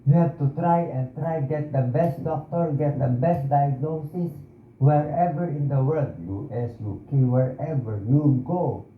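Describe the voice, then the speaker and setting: Middle-aged Filipino-accented man, hoarse, slow, emotional and pleading, tinny echoey recording. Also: on the high side, a little hiss or hum. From Philippines. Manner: emotional, pleading confessional talk mixing languages. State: hoarse, voice dried out. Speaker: doctor speaking to the public. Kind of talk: emotional personal address. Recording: echoey room over a tinny phone-like line.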